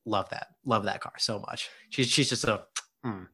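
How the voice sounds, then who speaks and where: A man's voice: on the low side, moderate pace, bright, forceful tone, slightly rough. A young man co-hosting a casual podcast, rambling and laughing, often repeating his words. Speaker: podcast co-host.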